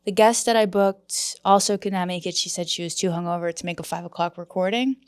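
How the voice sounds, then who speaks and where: A woman's voice: lowish voice, brisk, clear, resonant tone, no echo. A woman hosting a comedy podcast, brash and joking, with a slightly throaty voice and frequent swearing. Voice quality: throaty, frog in the voice. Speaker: podcast host. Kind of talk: casual podcast banter.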